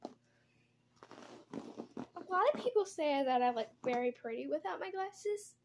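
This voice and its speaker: Casting: young woman vlogger, high voice, unhurried, rambling chat, faint hiss behind. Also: animated, a little mellow. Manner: chatty, rambling while doing makeup. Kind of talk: casual get-ready-with-me chat.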